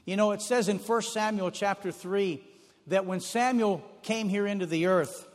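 A man's voice: sits high, normal speed, in a large hall. A man preaching a sermon, retelling stories in a folksy way and repeating phrases for emphasis.

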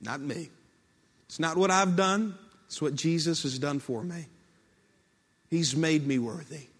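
A man's voice: fairly high pitch, measured pace, breathy edge. A man preaching a sermon in a storytelling way, acting out quoted speech and building to impassioned peaks. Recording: long hall reverb.

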